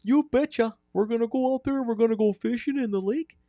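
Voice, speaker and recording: A man doing a comic impression of a creepy, high-voiced small-town male killer with a Wisconsin accent, in a sing-song, cheery, unsettling way. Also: brisk, warm tone, no room sound, studio quality. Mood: creepily cheerful. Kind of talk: comedic impression on a podcast.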